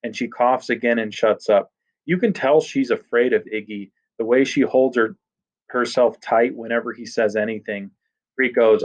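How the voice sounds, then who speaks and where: In a dull lo-fi recording, a man with a medium-pitched, slightly mellow voice narrates an audiobook at normal speed and fairly even intonation. He tells it casually in first person, as a teenage boy would.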